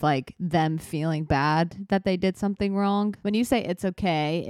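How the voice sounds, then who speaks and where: A young woman hosts her own podcast and talks candidly, often wandering off on tangents as she thinks aloud. Her voice sits a little low and sounds smooth and clean. It is recorded close up, with a dry sound and no room echo. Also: a little mellow. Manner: rambling, candid, self-reflective. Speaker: podcast host. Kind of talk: casual solo podcast talk.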